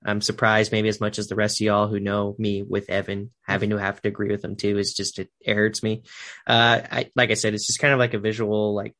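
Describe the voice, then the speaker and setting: A man's voice: lowish voice, little pitch movement, brisk, fairly bright tone. A Canadian man co-hosting a podcast, chatting casually and enthusiastically about a film, rambling with fillers. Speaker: podcast co-host. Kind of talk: casual film review chat.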